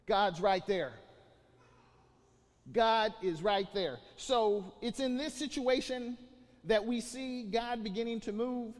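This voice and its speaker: High-voiced pastor preaching in a reverberant hall. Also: male voice, takes it slowly. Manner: preaching with rising emphatic bursts and many restarts. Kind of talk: sermon.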